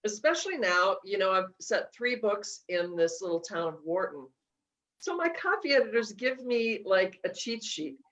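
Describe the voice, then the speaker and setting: A woman's voice: mid-range voice, very animated, normal speed, fairly bright tone. A woman author being interviewed, talking casually and emotionally, laughing often and restarting her sentences. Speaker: author guest. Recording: slightly dull lo-fi audio.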